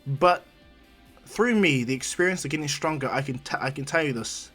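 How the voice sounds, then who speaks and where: A kind teenage boy hero, voiced by a man, speaks in a friendly, encouraging way, explaining things patiently to his friends. The voice stays close to the narrator's own casual tone, only a little higher. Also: expressive, normal speed, a bit bright, faint music behind.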